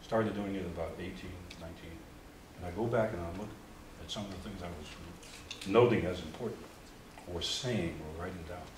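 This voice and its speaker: Older American man, guest speaker, low voice, joking storyteller; distant mic in a reverberant room. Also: normal speed, noisy background. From United States. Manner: lively, humorous anecdotes with chuckles and restarts. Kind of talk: storytelling talk at a forum. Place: lecture hall.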